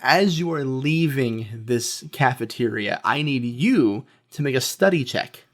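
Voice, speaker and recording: A man's voice: mid-range voice, expressive, a little slow, fairly bright tone. A man narrating as game master in a loose, joking style. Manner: loose, joking, laughs often. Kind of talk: narrating a comedic tabletop game.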